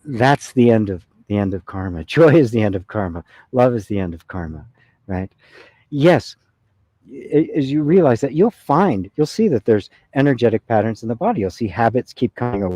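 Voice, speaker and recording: A man's voice: medium pitch, big pitch swings, moderate pace, husky, no room sound. A man giving a conversational satsang talk as spiritual teacher, often checking with "right?". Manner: conversational, with frequent "right?" and soft laughs.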